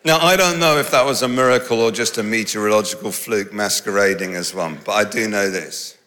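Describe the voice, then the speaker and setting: A man preaching a humorous, storytelling sermon, self-mocking and animated. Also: lowish voice, brisk. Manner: animated, self-mocking, laughs through stories. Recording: large hall with long reverb.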